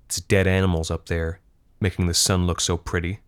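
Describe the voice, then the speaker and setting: A sneering teenage boy who enjoys upsetting his cousins, dwelling on gruesome details in a mocking drawl, put on by a man reading a story. The voice sits low and deep. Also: level tone, a little fast, clear, resonant tone, lightly acted. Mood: taunting.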